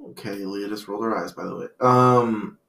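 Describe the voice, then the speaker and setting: A man with a fairly low voice hosts a laid-back podcast, thinking out loud in long reflective stretches. He fills his talk with "um" and "you know". The recording has a roomy echo around him. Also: steady tone, normal speed, creaky. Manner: rambling, reflective, many fillers. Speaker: podcast host. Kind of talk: casual podcast chat.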